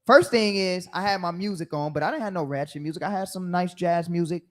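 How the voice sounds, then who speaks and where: A man giving an animated, sermon-style Bible teaching, telling stories and acting out the voices of others. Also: high voice, a little fast.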